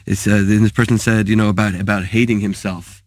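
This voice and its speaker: A man, a therapist and author, talking in a thoughtful, halting way and mixing in Hebrew terms. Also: fairly low pitch, flat delivery, no room sound, studio quality. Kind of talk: casual talk with teaching.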